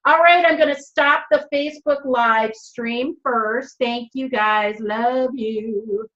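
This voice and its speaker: A woman's voice: on the high side, steady tone, slow pace, fairly bright tone. A woman with a Minnesotan accent hosting a live stream, chatting in an upbeat, rambling way over a video call. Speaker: host. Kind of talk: casual live-stream chat. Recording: dull video-call audio.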